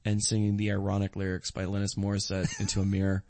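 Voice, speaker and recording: A man's voice: deep voice, monotone, fast talker, dark tone. A man in casual chat, telling a self-mocking story with laughter.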